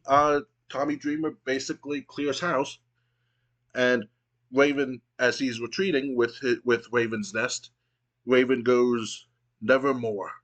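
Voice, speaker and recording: A man's voice: medium pitch, fairly bright tone. A man casually narrating his wrestling management game, storytelling loosely with fillers. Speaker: game streamer.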